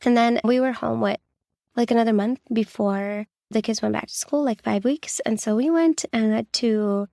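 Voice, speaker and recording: A woman's voice: fairly high pitch, normal speed, gravelly, warm tone, no echo, studio quality. A woman in her thirties hosting a podcast, telling personal stories in a candid, reassuring way, with a lot of "like" in her talk. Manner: candid, reassuring, with many "like" fillers. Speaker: podcast host.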